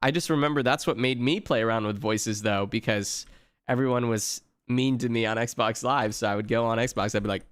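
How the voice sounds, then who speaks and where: A man's voice: mid-range voice, fairly quick, smooth, no echo, studio quality. A young adult man hosting a stream, chatting casually, laughing often and slipping into silly voices. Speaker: streamer host, voice actor.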